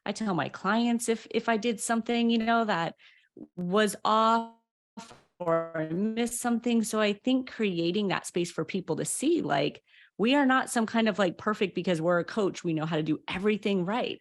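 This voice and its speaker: A woman's voice: medium pitch, normal speed. A woman coach and author, a guest on a podcast, speaking openly and candidly with many "you know"s and "like"s. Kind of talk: conversational interview.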